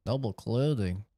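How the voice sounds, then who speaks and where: A man's voice: medium pitch, warm tone, no room sound. A man streaming a video game, commenting casually in a blunt, profane, sarcastic way.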